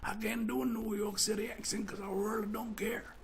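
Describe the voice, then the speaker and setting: A man's voice: high voice, flat delivery, fairly quick, pitched above the performer's own voice. A man putting on a brash, dismissive New York accent for comedy.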